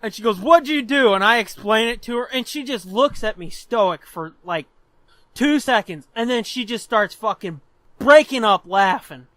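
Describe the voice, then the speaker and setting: A man in his twenties co-hosting a podcast, telling stories in an animated, profane way and laughing often. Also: sits high, moderate pace, no room sound. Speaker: podcast co-host. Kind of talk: casual chat, storytelling.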